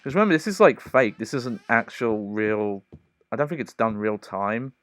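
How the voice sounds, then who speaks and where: A man's voice: on the low side, animated, normal speed, fairly bright tone. A man giving casual commentary while streaming a horror game, chatty and laughing often, close to the mic.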